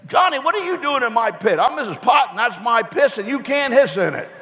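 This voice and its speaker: A man's voice: very high voice, sing-song, brisk, bright, forceful tone, in a large hall, a little hiss or hum, voice pushed up, heavily acted. A man voicing Missus Pot, a prim, territorial neighbor who huffily chases a young snake out of her pit. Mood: indignant.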